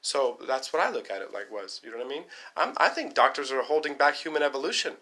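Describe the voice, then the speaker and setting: A fast-talking man ranting to camera in a rambling, profane vlog. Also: medium pitch, expressive, pushed and bright. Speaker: vlogger. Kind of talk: casual rant to camera.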